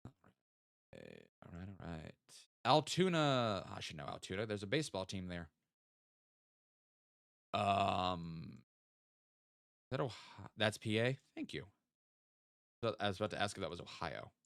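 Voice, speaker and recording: A man's voice: low-pitched, sing-song, moderate pace, creaky, pauses often, a bit bright, no room sound, studio quality. A young man, chatting casually with viewers while playing a geography game and thinking aloud. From American South. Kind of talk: casual live-stream chat.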